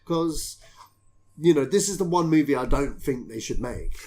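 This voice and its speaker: A man's voice: on the high side, lively intonation, moderate pace, darkish tone. A man co-hosting a casual film podcast, crude and jokey, swearing freely. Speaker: podcast co-host.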